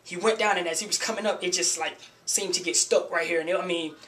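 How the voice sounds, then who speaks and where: Talking fast in a high, steady, slightly bright voice, this man casually recounts a gym story on his fitness vlog. He keeps saying "man" and "you know" while urging newcomers to lift with a spotter.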